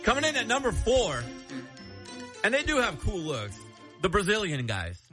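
A young man hosting a casual group chat, joking and animated. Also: high voice, moderate pace, music in the background. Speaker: show host.

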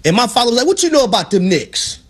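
A man co-hosting sports talk radio with a high, swooping voice. He preaches playfully and tells his stories with exuberant, animated quoting. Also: quick pace, husky.

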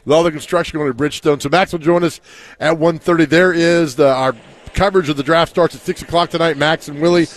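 A man's voice: on the high side, steady tone, quick pace. A man hosting a sports radio show, talking in a friendly, encouraging way. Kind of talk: casual sports radio chat. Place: broadcasting from a lounge.

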